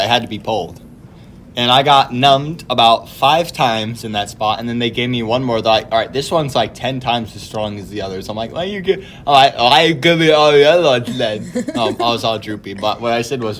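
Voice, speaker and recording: A man chatting on a podcast, his voice sitting at an ordinary middle pitch. He tells his stories with animation and keeps breaking into laughter. Faint noise sits behind him. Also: a bit bright. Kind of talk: casual storytelling chat.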